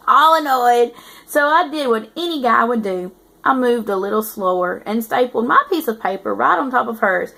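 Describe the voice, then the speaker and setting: Brief: cocky young college guy narrating, told in a fairly high woman's reading voice. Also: gravelly, bright, forceful tone, heavily acted. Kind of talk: reading a novel aloud.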